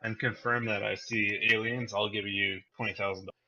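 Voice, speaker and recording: A man's voice: on the low side, little pitch movement, brisk, pushed and bright, slight background noise, low-quality recording. A young man in casual voice chat, taunting and trading insults.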